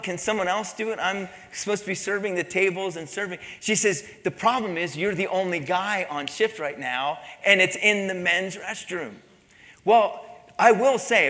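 A man's voice: fairly high pitch, sharp tone, in a large hall. A man preaching a sermon as pastor, telling a personal story with mimicked voices and laughter.

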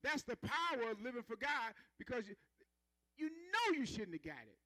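A man's voice: extremely high pitch, very animated, moderate pace, bright, forceful tone, no room sound, rough recording. A man preaching a sermon in a conversational style, calling for responses from the congregation and building rhythmic emphasis.

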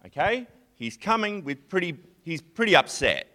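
A man giving a conversational sermon, chatty and animated, sometimes acting out a distressed psalmist's prayers. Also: sits high, normal speed. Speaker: preacher.

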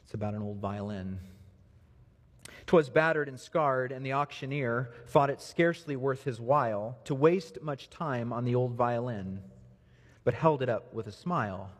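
A man pastor preaching a sermon in a church, earnest, moving from soft low passages to lifted emphasis. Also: measured pace, breathy edge. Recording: reverberant hall.

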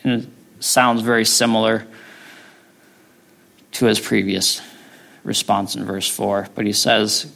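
A man's voice: lowish voice, little pitch movement, takes it slowly, vocal fry, long pauses, sharp tone. A male pastor teaching a sermon in a conversational way, often checking in with his listeners. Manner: conversational teaching, frequent tag questions.

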